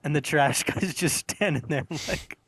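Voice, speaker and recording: A man's voice: on the high side, normal speed, a bit bright, breathy edge. A man co-hosting a casual film review, retelling scenes and laughing often as he talks.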